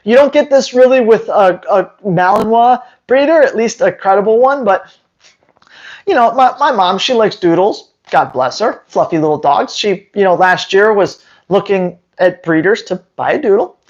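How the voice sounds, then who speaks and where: A man's voice: high voice, expressive, normal speed, highs cut off. A dog trainer talking to his viewers in a casual, sarcastic rant, with emphatic, rambling delivery. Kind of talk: casual opinion rant to camera.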